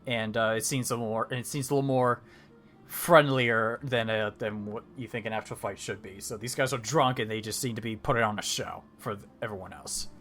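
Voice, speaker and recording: Bright-voiced man running a tabletop game. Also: lowish voice, steady tone, fairly quick, faint music behind. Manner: rambling, lots of fillers and restarts. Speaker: dungeon master.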